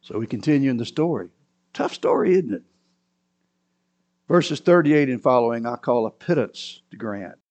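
A man's voice: mid-range voice, expressive, normal speed, darkish tone. A man preaching a sermon, retelling a scripture story with dramatic swings and sudden raised cries.

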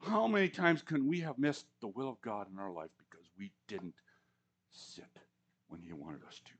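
A man's voice: medium pitch, wildly swooping pitch, normal speed. A man preaching a sermon to a congregation, conversational and anecdotal, often stammering and acting out quoted lines. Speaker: pastor. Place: church service before a congregation.

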